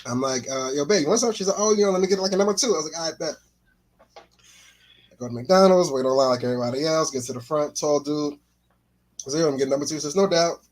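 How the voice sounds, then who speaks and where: A man's voice: on the high side, quick pace, rough recording. A man co-hosting a podcast, telling a story in a casual chat, acting out the voices of the people in it and laughing often. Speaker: podcast co-host.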